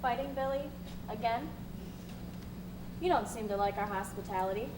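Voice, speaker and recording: A woman's voice: a little high, normal speed, lightly acted. A woman playing a cold, menacing male naval master-at-arms who gives clipped commands in a live stage play. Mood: cold, commanding. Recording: roomy stage, distant mic, noise.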